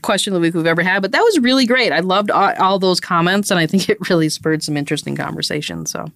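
A woman's voice: lowish voice, quick pace, creaky, fairly bright tone, dry recording. A woman co-hosting a podcast in casual, chatty conversation with a friend, laughing easily and poking fun at herself. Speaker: podcast co-host. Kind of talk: casual chat.

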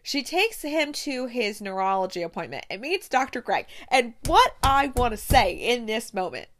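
A woman hosting a casual movie recap, chatty and animated, with exaggerated outbursts. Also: a little high, normal speed, slight background noise. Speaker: movie review host.

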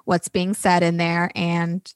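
A woman's voice: lowish voice, completely flat delivery, takes it slowly, clear, resonant tone, no echo, studio quality. A woman hosting an interview, speaking supportively in long run-on phrases. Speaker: host. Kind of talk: casual interview talk.

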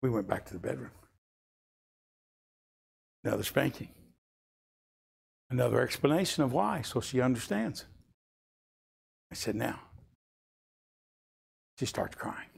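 A man's voice: medium pitch, very animated, a little slow, gravelly, pauses often, breathy edge. An older man preaching a sermon, telling a family story and rising into impassioned pleas.

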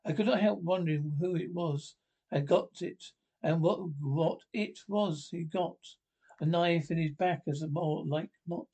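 A man reading a classic adventure novel aloud, in a halting way with restarts and slips. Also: a little high, warm tone, husky. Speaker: audiobook reader.

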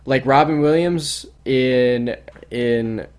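A man co-hosting a podcast in casual chat, rambling and animated with many restarts. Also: medium pitch, slow. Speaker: podcast co-host.

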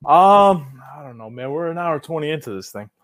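A high-pitched young man hams up an ad read on a casual podcast. He is loud and playful, joking with his co-host between the lines. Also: expressive, normal speed. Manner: loud, hyped, jokey. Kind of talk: casual podcast banter with ad reads.

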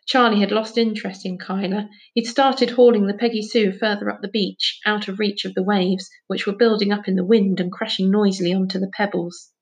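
A woman narrates a children's novel aloud at a mid pitch. Her reading is clear and steady, moving between description and quoted dialogue. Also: a little fast, hardly any pauses. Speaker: audiobook reader. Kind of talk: storybook narration.

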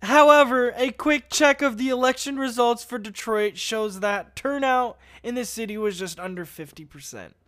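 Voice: medium pitch, moderate pace, few pauses, fairly bright tone, no room sound, studio quality. Commentator reading news aloud. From United States. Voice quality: swearing, laughs at own jokes, easily loses composure. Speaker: online commentator.

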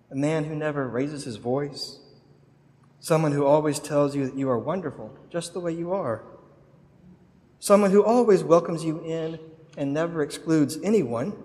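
A man's voice: fairly high pitch, a little mellow, in a large hall. A man preaching a sermon, telling a story dramatically. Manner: dramatic storytelling with acted quotes. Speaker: pastor.

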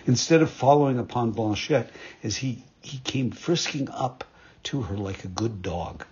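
A man narrating a fairytale in a measured, expressive storytelling manner. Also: medium pitch, husky, lo-fi sound.

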